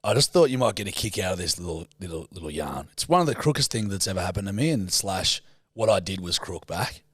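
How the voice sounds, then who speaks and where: A man's voice: low-pitched, very animated, quick pace, breathy edge, no room sound. A man co-hosting a podcast, telling a story in a loose, sweary, laughing way. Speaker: podcast co-host. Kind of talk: casual chat and storytelling.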